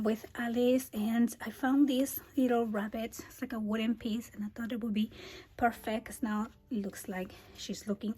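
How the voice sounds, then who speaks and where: Female crafter, fairly high voice going breathy and hoarse, relaxed chatty tutorial delivery. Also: rough recording. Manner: chatty, easygoing, frequent um and uh. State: losing her voice, often drops to a breathy whisper. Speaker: scrapbooking crafter. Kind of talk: casual craft album walkthrough.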